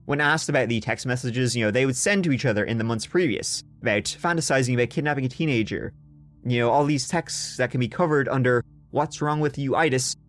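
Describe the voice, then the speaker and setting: A man's voice: mid-range voice, quick pace, soft background music. Sarcastic man telling true crime. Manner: sarcastic, swearing, animated outbursts. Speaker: podcast host.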